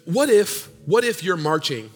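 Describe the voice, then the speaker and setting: A male pastor preaching a sermon, swinging from loud sung peaks down to low murmurs in call-and-response style. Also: sing-song, measured pace. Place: church sanctuary. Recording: long hall reverb with faint music.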